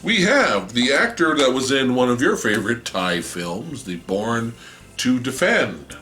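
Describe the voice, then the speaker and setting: A man's voice: mid-range voice, very animated, measured pace, music in the background. A man co-hosting a collecting video, tipsy from beer, giggling and fumbling his words as he chats casually. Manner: giggly, fumbling restarts, cursing. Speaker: co-host of a movie collecting channel.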